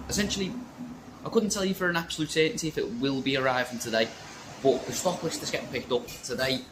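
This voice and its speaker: A man's voice: mid-range voice, noisy background. A man chatting casually in a vape shop vlog, rambling and joking about himself. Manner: rambling, jokey, self-mocking. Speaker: vape shop worker and vlogger.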